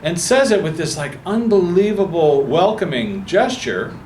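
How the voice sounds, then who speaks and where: In an echoey meeting room with faint ambience and a little hiss or hum, a man tells a personal story at a book talk, acting out the voices of its characters for the audience. His voice is high-pitched with lively intonation and a darkish tone, and he's unhurried.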